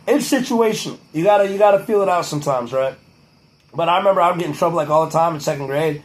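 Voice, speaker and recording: Young male vlogger, high-pitched, casual and profane, leans on a pompous repeated "truly". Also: fast, slight background noise, poor audio. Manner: profane, repeats "truly", drifts into a mock-presidential cadence. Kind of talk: rambling casual monologue to camera.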